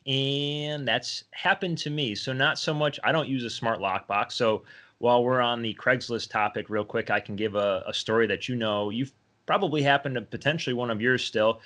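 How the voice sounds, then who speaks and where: A man's voice: mid-range voice, sharp tone. A man co-hosting a podcast who manages his own rentals, sharing an experience in casual, slightly rambling chat. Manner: conversational, rambles a little with restarts. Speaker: podcast co-host, landlord.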